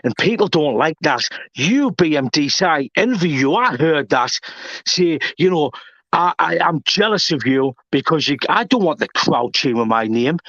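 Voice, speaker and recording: A wrestling promoter cutting a threatening promo, taunting his opponent and rising to shouts. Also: a little high, expressive, normal speed, no room sound. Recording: dull lo-fi sound.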